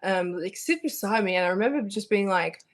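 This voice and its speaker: A young Australian woman talking casually as an interview guest, animated and rambling with lots of fillers and restarts. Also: medium pitch, a little fast. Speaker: guest, bare-knuckle fighter.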